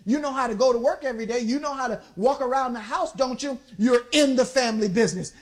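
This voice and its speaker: A woman preaching a sermon in an emphatic call-and-response style, building up to shouts. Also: a little high, fast talker.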